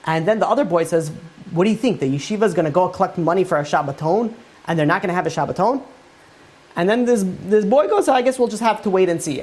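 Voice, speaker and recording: A man who is a rabbi, teaching a Torah class and retelling a long story, voicing its people's lines with loose spoken phrasing. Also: high voice. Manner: retells a story at length with many quoted lines; loose spoken phrasing with repeated "he goes and he says". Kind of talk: storytelling lecture.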